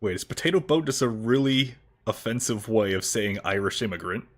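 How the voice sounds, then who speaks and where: A man's voice: lowish voice, lively intonation, a little fast. A man streaming a video game, joking around and reading the dialogue aloud. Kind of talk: casual gameplay commentary.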